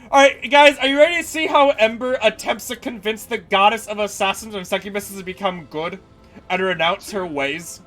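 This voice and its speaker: A man streaming a game live, talking excitedly and stammering as he chats with viewers. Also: high-pitched, moderate pace, faint music behind. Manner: excitable, stammering, swears casually.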